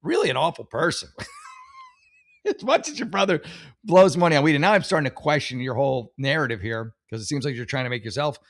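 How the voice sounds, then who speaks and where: A man's voice: fairly high pitch, lively intonation, fast talker, a bit bright. A man hosting a show, giving blunt, sarcastic advice in rambling casual commentary on posts he reads out. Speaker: host giving mock advice.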